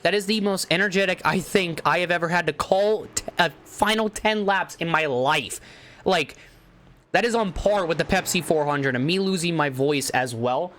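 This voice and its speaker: A young man who has nearly lost his voice, calling and recapping a race with excitable, repeated exclamations. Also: on the high side, normal speed, slight background noise. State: hoarse, losing his voice. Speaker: race commentator and channel host. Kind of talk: play-by-play race commentary and recap.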